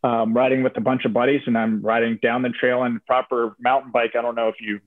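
A young man from Virginia telling a personal story in a casual interview, relaxed, with many fillers and restarts. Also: medium pitch, fast, no room sound. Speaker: interview guest. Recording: tinny phone-like audio, dry.

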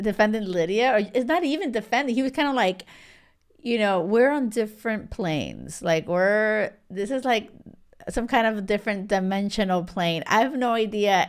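A woman in her thirties hosting a casual reality TV recap, gushing and animated with lots of filler words. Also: medium pitch. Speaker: podcast host.

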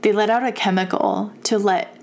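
A young woman telling a story in casual chat, animated and profane, laughing often. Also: mid-range voice, normal speed, creaky.

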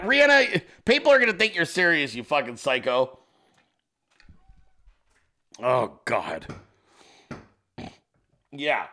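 A male host giving excitable, profane political commentary, laughing often as he talks. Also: on the high side, slow pace, vocal fry, pauses often. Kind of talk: casual commentary.

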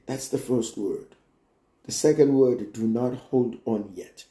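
A man preaching a sermon as a priest, slow and deliberate, with emphatic rises on key words. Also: medium pitch, warm tone, roomy sound.

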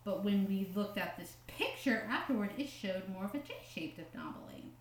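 A woman's voice: medium pitch, expressive, moderate pace, reverberant. A woman co-hosting a casual podcast, reading quotes aloud with joking asides and frequent laughs. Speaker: podcast co-host.

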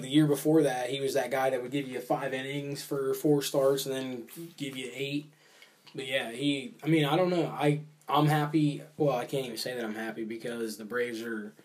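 A man's voice: mid-range voice, darkish tone. A man co-hosting a casual sports talk show, rambling and hedging with fillers while he weighs baseball moves. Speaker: podcast co-host.

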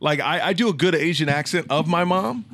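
A middle-aged stand-up comedian from Houston, Texas, telling stories in a casual podcast conversation and acting out what people said. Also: male voice, a little high, brisk, no room sound, clean studio sound. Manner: animated storyteller, acts out quotes.

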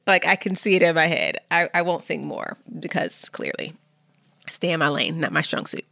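A woman hosting a podcast, speaking slow, earnest affirmations. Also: sits low, gravelly, bright, forceful tone, no room sound, clean studio sound. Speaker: podcast host. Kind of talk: slow motivational podcast talk.

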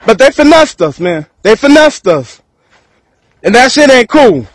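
A man's voice: extremely high pitch, very animated, measured pace, dry recording, poor audio. A man from Texas, rambling through a profane freestyle rant to camera and laughing between thoughts.

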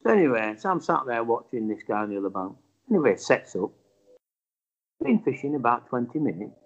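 With a mid-range voice that runs a little fast, a West Yorkshire man in his fifties from Bradford recounts a casual tale. He's animated, mimics the voices he quotes, and swears now and then. The sound quality is dull and lo-fi.

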